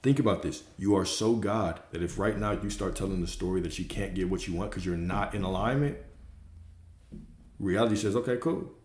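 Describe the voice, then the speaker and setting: Man, lowish voice, emphatic, repetitive, casual swearing, roomy echo. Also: fairly quick, darkish tone. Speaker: spiritual coach. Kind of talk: livestream talk.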